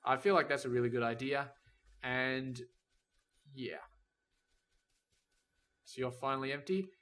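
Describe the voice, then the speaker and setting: A man's voice: medium pitch, unhurried, a bit bright. A man giving casual let's-play commentary, thinking aloud as he plans a factory and chides the game's robots and trains. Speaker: gameplay commentator.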